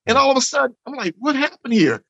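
A man's voice: extremely high pitch, big pitch swings, fast, creaky, bright, forceful tone, slightly rough, dry recording. A man giving an earnest, emphatic personal testimony in an interview, repeating phrases and often saying "man". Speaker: interview guest. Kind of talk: emotional personal testimony in conversation.

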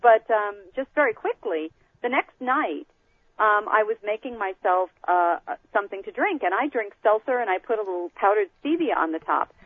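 Woman, animated storyteller, swooping lively pitch, tinny phone line, dry sound. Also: moderate pace, dry recording. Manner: animated storyteller, acting out quotes. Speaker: guest. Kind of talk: telling a personal story. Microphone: phone call.

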